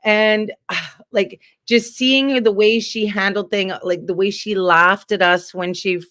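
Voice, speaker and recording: A woman guest from Canada in casual political chat, talking in a heated, rambling, animated way with many fillers. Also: medium pitch, a little slow, no echo, studio quality.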